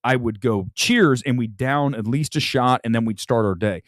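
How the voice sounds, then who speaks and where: A man hosting a movie talk livestream, ranting about films with loud outbursts and low mutters. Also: moderate pace, no echo, studio quality. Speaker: film critic show host. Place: home room with film boxes and jerseys.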